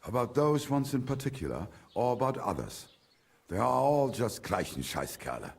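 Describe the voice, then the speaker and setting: An actor playing a grumbling middle-aged village trader in a video game, with a German accent, wary of outsiders. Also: male voice, mid-range voice, sing-song, moderate pace, gravelly, husky, heavily acted. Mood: gruff.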